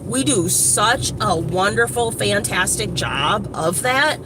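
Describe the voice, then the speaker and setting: A woman from Evanston, Illinois, USA, a motivational vlogger, talks to her phone camera outdoors beside a street of shops, her mid-range voice unhurried. She's casual, rambling, slangy and animated, full of asides, with traffic noise in the background.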